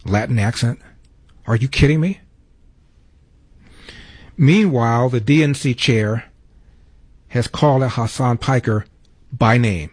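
Brash male radio host, slightly husky, dry close-mic studio read. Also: mid-range voice, unhurried, long pauses, a little mellow, no echo. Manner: brash, punchy delivery. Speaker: radio talk show host. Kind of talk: talk radio monologue.

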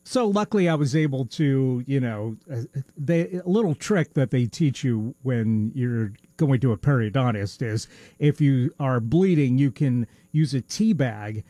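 A man's voice: mid-range voice, animated, a little slow, dark tone, no echo. A male podcast co-host chatting casually, rambling through his story with plenty of ums and little laughs. His speech carries a slight lisp, and the recording is dry and close with no room sound. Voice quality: slight lisp from a missing tooth. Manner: rambling, hesitant with many fillers and laughs. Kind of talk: casual chat.

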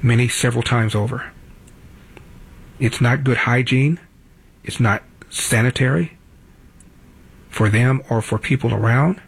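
A man's voice: mid-range voice, a little slow, creaky, long pauses, breathy edge. A man in his seventies hosting a talk show, delivering a blunt, opinionated monologue in a studio and repeating his points for emphasis. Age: 70s.

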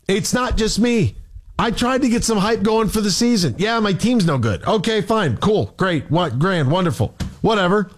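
Worked-up, high-voiced sports radio man. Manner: worked-up, ranting, rhetorical questions. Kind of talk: sports talk rant.

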